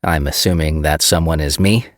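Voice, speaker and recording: A man's voice: very deep voice, dry recording, studio quality. Wry young scientist, voiced by a man. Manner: quick, teasing banter. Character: wry young male scientist, joking and nervous.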